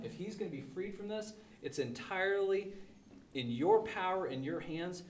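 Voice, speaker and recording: A man's voice: fairly high pitch, reverberant, distant mic, a little hiss or hum. A male pastor preaching a sermon in an emphatic, conversational way, full of rhetorical questions.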